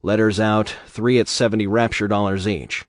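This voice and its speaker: A man reading aloud, voicing a tough, sardonic male security chief with a gruff, wry delivery. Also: lowish voice, steady tone, normal speed, no room sound, clean studio sound, natural voice.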